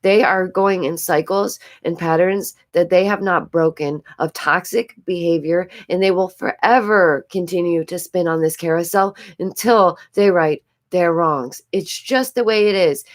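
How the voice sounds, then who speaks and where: A woman with a lowish voice and a New York accent provides casual commentary as the host of a live stream. Chatty and prone to giggling, she repeats her phrases and speaks through a stuffy nose.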